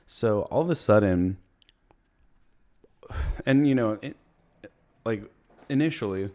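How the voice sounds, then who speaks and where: A young man hosting a comedy podcast, recapping a movie in a rambling, profane way, laughing as he goes and slipping into quick character voices. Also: fairly low pitch, lively intonation, mellow. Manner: rambling, profane, laughs while retelling scenes and puts on brief character voices.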